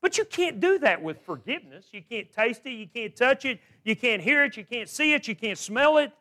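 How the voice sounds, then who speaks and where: Animated high-voiced male preacher. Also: normal speed. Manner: animated, questioning, repeats words as he restarts. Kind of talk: sermon.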